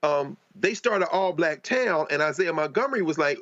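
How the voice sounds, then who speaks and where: A man with a somewhat high voice talks as a panelist in a professorial style, packing in detail and often restarting his sentences. His audio is dry and muffled, like a remote connection. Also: lively intonation, moderate pace, a bit bright, no room sound. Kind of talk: panel discussion commentary.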